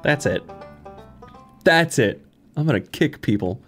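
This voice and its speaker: A man streaming a farming game live, reacting loudly and reading the on-screen text aloud, with frequent laughs and yelps. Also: mid-range voice, expressive, a little slow, long pauses, soft background music. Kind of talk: live gameplay commentary.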